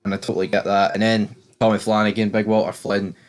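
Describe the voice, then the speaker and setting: A young British man with a fairly low voice talks through a TV episode in a loose, chatty recap. He is opinionated and swears freely, and his pitch leaps upward when something surprises him. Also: little pitch movement, fast. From Britain. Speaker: TV show reviewer. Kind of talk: casual spoken recap and commentary.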